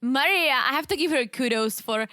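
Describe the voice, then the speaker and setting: Bright, giggly female podcast co-host. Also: sits high, expressive, normal speed, dry recording. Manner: giggly, chatty. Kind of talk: casual podcast chat.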